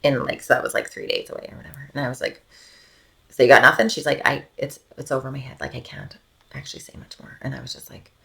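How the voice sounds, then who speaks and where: In a podcast interview, a Canadian woman in her thirties talks fast about her baby daughter's illness, her rumbling low voice showing vocal fry and a fairly bright tone. Her delivery is casual and filler-heavy, frequently sinking almost to a whisper.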